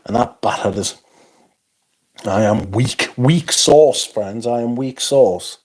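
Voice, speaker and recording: A man's voice: on the low side, fairly even intonation, takes it slowly. Tired male streamer, rambly and self-mocking, chatting casually through viewer comments. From North East England. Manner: rambling, self-deprecating, frequent yawns and interjections. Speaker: livestream host. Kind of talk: casual livestream chat reading viewer comments.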